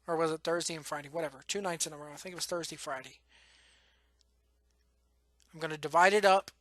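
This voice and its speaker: A man's voice: high-pitched, pushed and bright, dry recording. A man hosting his podcast, venting frankly and emotionally, cursing and restarting his sentences. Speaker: podcast host. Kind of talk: blunt personal rant.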